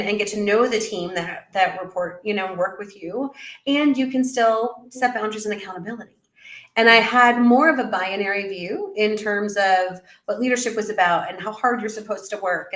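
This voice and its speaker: A middle-aged woman, a business coach guest in an interview, telling her story in an animated way and acting out her own past remarks. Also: mid-range voice, roomy sound. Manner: animated storyteller, quotes herself in lively voices. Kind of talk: conversational interview.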